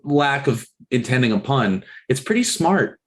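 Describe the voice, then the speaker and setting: Speaking at a slightly slow pace in a mid-range voice, a male podcast co-host chats casually about movies. He rambles and gets animated, filling his talk with fillers and restarts.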